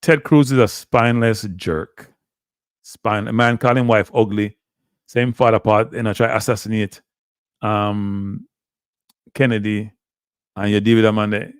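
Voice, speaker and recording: A man hosts a casual livestream, animatedly calling out to viewers as "people" and repeating himself. His lowish voice moves at a measured pace with frequent pauses, recorded dry and clean at studio quality.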